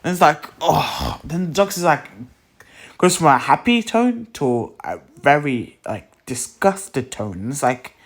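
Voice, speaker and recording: A man's voice: fairly high pitch, sing-song, measured pace. A man casually retelling a fan story, rambling with lots of fillers and restarts, sounding tired.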